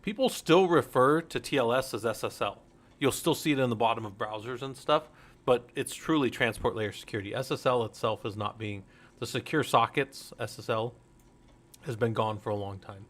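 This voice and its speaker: A man's voice: medium pitch, normal speed. A middle-aged man hosting a casual teaching stream, rambling and interrupting himself, laughing at his own jokes. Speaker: host.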